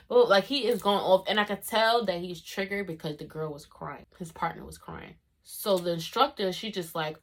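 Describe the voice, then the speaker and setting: A woman vlogger telling a story in a casual storytime vlog, animated and full of "like" and "you know what I'm saying". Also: on the low side, normal speed, breathy edge.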